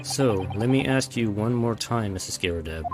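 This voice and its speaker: A man's voice: on the low side, lively intonation, moderate pace, music in the background, poor audio. Earnest male game streamer. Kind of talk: reading game dialogue and commentary.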